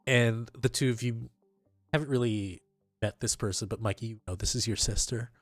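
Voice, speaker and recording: A man's voice: mid-range voice, steady tone, moderate pace, dry recording, faint music behind. A man narrating as game master of a tabletop game, explaining rules unhurriedly with fillers.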